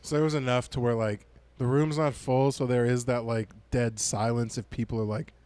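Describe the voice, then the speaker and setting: A man's voice: mid-range voice, normal speed, clean tone, no room sound. A man co-hosting a comedy podcast, telling a stand-up story in casual chat and acting out the people in it. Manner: animated, acts out quotes loudly.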